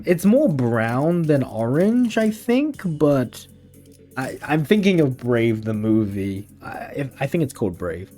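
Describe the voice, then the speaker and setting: A streamer reading through a game's story, breaking off into giggly, chatty asides. The voice is mellow and swings lively in pitch, with faint game music underneath. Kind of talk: casual game playthrough reading.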